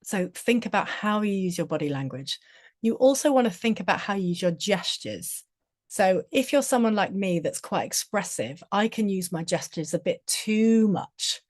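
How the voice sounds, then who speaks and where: A woman's voice: medium pitch, expressive, normal speed, no echo, studio quality. A woman giving a presentation on communication, talking expressively and often restarting her phrases. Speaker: speaker giving a talk on communication. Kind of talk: presentation talk.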